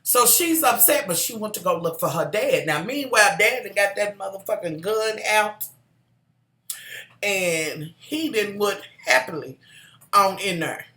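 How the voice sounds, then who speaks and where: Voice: mid-range voice, animated, measured pace, sharp tone, echoey room. A vlogger recapping a TV drama in casual chat, sassy and profane, calling viewers y'all and honey.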